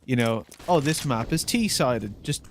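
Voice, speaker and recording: A man's voice: medium pitch, expressive, unhurried, background noise. Man riffing as a game co-caster. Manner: rambling, silly analogies, laughing. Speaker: esports co-caster. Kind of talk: color commentary.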